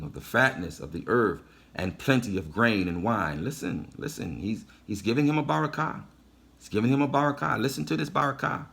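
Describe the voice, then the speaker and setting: Lively-pitched man reading scripture in a sermon. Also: gravelly. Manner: repeats phrases for emphasis. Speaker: preacher.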